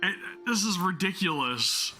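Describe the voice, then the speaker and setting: A man hosting a gaming channel, reacting excitedly to a game story, swearing, laughing and stumbling over words, and reading narration aloud in between. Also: sits high, a little slow, faint music behind.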